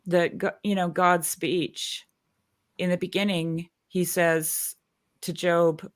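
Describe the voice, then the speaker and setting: A woman co-hosting a casual group discussion, chatty and quick to laugh as she tells anecdotes. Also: lowish voice, flat delivery. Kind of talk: casual group video chat.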